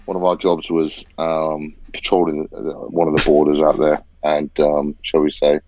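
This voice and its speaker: A man's voice: very deep voice, completely flat delivery, normal speed, a little mellow, dry recording. A man telling rambling, swear-heavy anecdotes as a podcast guest. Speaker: guest, former event organiser. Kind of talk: casual storytelling. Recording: dull lo-fi sound.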